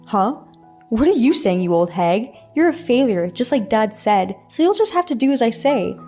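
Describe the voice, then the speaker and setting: A woman voicing an abusive grown man who yells insults and threats at his family. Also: on the high side, sing-song, moderate pace, faint music behind, voice pushed up. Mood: shouting. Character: angry bullying grown man, abusive brother.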